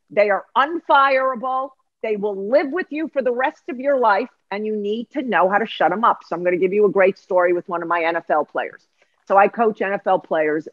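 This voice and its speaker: A middle-aged woman, an executive life coach, explaining ideas in an emphatic, lively way on a podcast. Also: mid-range voice, no room sound, lo-fi sound. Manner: emphatic, lively, acts out voices. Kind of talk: animated teaching in conversation.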